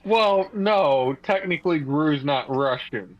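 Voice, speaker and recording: A man's voice: fairly high pitch, expressive, slow pace, lo-fi sound. A man playing a tabletop game, describing his character's actions and arguing points at length. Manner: rambling, argumentative. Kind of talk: casual play and banter.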